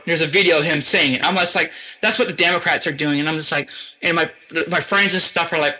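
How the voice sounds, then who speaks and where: A man's voice: fairly high pitch, quick pace, sharp tone, rough recording. An American man in casual chat, rambling and profane, with frequent restarts and fillers. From United States.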